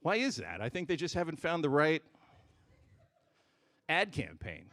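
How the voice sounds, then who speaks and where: A man doing a stand-up comedy set on a stage microphone, jumping between loud punchlines and muttered asides. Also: fairly high pitch, huge pitch swings, unhurried, no echo.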